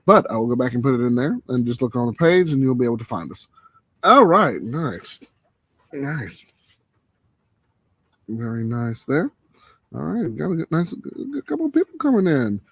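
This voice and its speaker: Man, host of a late-night live chat, relaxed and chuckling, dry close sound. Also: medium pitch, moderate pace, pauses often, slightly rough, no room sound. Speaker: livestream host. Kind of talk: casual chat.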